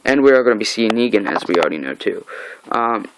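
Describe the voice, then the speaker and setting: Over a noisy background, a man with a lowish voice races through a casual comic book recap. He reads the dialogue aloud in a flat, offhand way, peppering it with plenty of "uh"s and "like"s.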